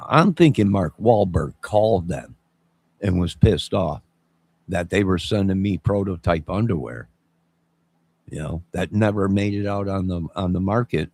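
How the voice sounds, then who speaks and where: A man's voice: deep voice, darkish tone. A man in his fifties hosting his own channel, chatting in a rambling, jokey way and answering viewers as he goes. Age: 50s. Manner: rambling, jokey, responds to chat. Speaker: channel host. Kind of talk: rambling live-stream chat.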